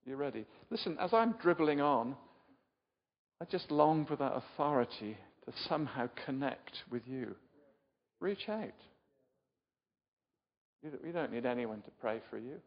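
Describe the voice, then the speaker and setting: In a muffled recording from a reverberant hall, an older man from England gives a chatty sermon, often asking his congregation questions and making light of himself. His medium-pitched voice has lively intonation and a measured pace.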